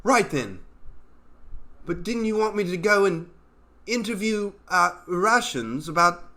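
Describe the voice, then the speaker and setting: Parody bit: a man doing a stiff, spy type, tense and bright. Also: high-pitched, expressive, takes it slowly, full character voice. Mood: mock-posh. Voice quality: stiff, mock-formal phrasing. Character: pompous wannabe-spy Englishman, middle-aged.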